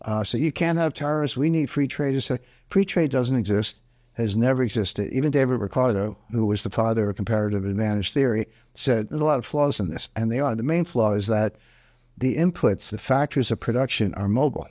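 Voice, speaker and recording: A man's voice: fairly low pitch, a little fast, dark tone, no room sound, studio quality. A man giving interview answers on economics in an emphatic, explanatory way, hammering home his key points. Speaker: interview guest, economic commentator.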